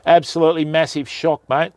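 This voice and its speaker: Older Aussie bloke, matey and rambling. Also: male voice, a little high, flat delivery, a little fast, darkish tone, dry recording. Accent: Australian. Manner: rambling, matey, swears and tells jokes. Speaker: fishing channel host. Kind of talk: casual livestream chat.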